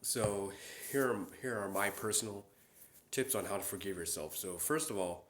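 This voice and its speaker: A man's voice: fairly low pitch, normal speed, fairly bright tone. A young man hosting a casual solo chat. He rambles, with many fillers and restarts. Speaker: podcast host. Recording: roomy echo.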